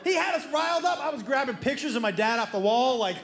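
A man doing a stand-up comedy routine, telling a story with animated energy and acting out the voices of the people in it. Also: very high-pitched, quick pace. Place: comedy club stage before a laughing audience. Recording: roomy live club sound with noise.

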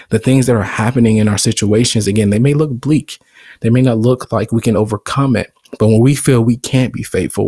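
Earnest man with a low voice. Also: darkish tone, breathy edge, no room sound. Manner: earnest, reflective, chuckles at scripture. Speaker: podcast host. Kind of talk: devotional podcast teaching.

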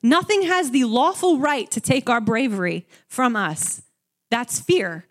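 A young woman preaches in a chatty, animated way. She jumps high when she acts out the frightened disciples. Her voice sits a little high, and she drops soft when she reflects. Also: measured pace. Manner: animated, conversational, acts out the disciples with rising pitch. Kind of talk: sermon.

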